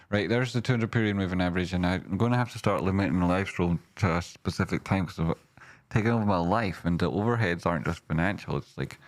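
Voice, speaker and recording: Niski, gadatliwy Brytyjczyk komentujący wykresy. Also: male voice, low-pitched. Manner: chatty, thinks aloud, jokey asides. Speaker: stock market live streamer. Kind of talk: live-stream chart commentary.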